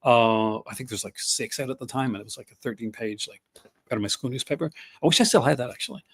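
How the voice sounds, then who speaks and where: A man's voice: medium pitch, fast, fairly bright tone, breathy edge. A man in his fifties hosting a casual chat, rambling with many fillers and restarts. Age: 50s. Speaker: podcast host.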